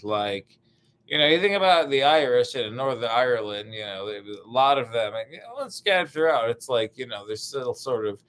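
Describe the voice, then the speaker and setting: Rambling, profane young man doing stand-up. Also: mid-range voice. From United States. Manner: meandering, profane, lots of fillers, sudden shouted bits. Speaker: stand-up comedian.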